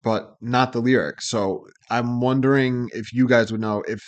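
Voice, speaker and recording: A man's voice: mid-range voice, fairly even intonation, moderate pace, lo-fi sound. A man co-hosting a music reaction video, talking casually and hesitantly, with many fillers. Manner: hesitant, many "you know" fillers and restarts. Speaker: co-host of a music reaction channel. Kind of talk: casual chat.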